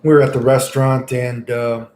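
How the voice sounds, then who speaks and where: A man's voice: medium pitch, level tone, normal speed, a little mellow, slight background noise. A young man streaming live, chatting casually and rambling through stories with lots of swearing. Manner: rambling, casual, swears often, many fillers.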